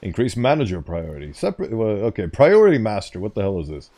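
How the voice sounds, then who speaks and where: A man's voice: fairly low pitch, huge pitch swings, fast talker, warm tone. A man giving casual, rambling commentary over a game, easily sidetracked and reading on-screen text aloud. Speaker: gaming streamer.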